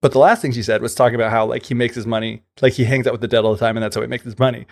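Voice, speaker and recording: A man's voice: mid-range voice, fairly even intonation, racing, creaky. A man co-hosting a podcast, casually retelling a folk tale in a loose, chatty way, full of fillers and paraphrased dialogue. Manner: loose storytelling peppered with fillers and paraphrased quotes. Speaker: podcast co-host.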